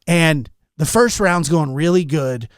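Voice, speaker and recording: A young man hosting a casual podcast, with a fairly high voice. He tells his story with exasperated energy and acts out the lines of the people in it. The sound is dry and close to the mic. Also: a little slow, clear, resonant tone, no room sound. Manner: animated, exasperated storyteller acting out quotes. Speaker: podcast host.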